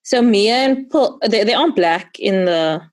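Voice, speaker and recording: A woman's voice: medium pitch, expressive, unhurried. A woman hosting a podcast interview, asking playful, teasing questions and laughing along. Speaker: podcast host.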